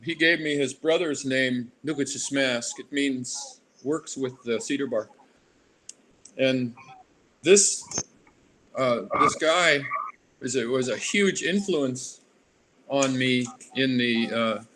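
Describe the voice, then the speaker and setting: A man's voice: medium pitch, fairly bright tone, a little hiss or hum. A man in his sixties from Alaska, an artist being interviewed, who drifts into long tangents and loses his thread. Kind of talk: casual interview.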